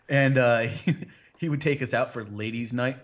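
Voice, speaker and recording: A man's voice: medium pitch, unhurried. A man hosting a casual chat, rambling and teasing his co-host with crude jokes and stammered restarts. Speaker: podcast host.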